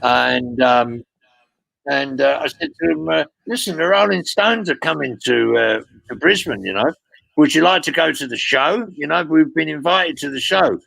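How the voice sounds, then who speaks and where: An older man tells rambling anecdotes in a loose interview, cursing freely and leaning on "you know what I mean". His voice is deeply gravelly and full of fry. The sound is dry and close. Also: animated, normal speed, fairly bright tone, no room sound, poor audio. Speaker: guest storyteller.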